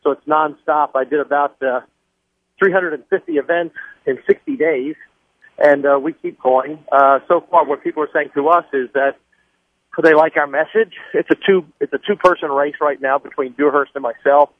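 A man in his sixties phones in as a candidate, slightly out of breath, pushing numbers and points at a steady, insistent clip. The line is narrow and tinny like a mobile phone, with no room sound around it. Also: fairly high pitch, no room sound. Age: 60s. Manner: brisk, number-heavy, insistent. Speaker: political candidate, phone-in guest. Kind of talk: campaign talk on a radio call-in. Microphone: mobile phone while walking.

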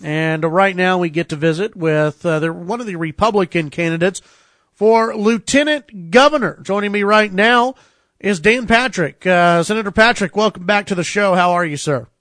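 A man hosting a talk radio show, easygoing and chatty with frequent pauses to fill. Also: sits high, fairly bright tone, dry recording, studio quality.

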